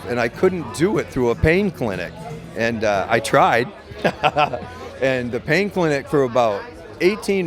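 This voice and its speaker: A middle-aged man from Maine, a medical cannabis caregiver, telling his story in an interview in a blunt, profane, rambling way with many restarts. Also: mid-range voice. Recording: loud music under voice. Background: music.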